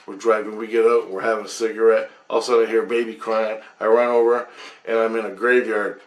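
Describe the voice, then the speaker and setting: A man's voice: on the low side, flat delivery, fast. A man telling a rambling story about his dreams, profane and agitated. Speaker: vlogger.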